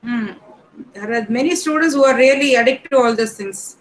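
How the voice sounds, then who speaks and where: A woman teacher, calling the roll in an online class in a brisk, matter-of-fact way. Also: on the high side, slight background noise, rough recording. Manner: reads names one by one in a brisk, matter-of-fact way.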